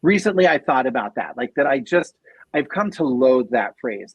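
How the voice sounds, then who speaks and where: A man's voice: medium pitch, lively intonation, moderate pace, breathy edge, no echo. A man speaking as a podcast guest in casual conversation, thoughtful, with many fillers and restarts, on a dull lo-fi recording. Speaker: podcast guest, nonprofit operations director.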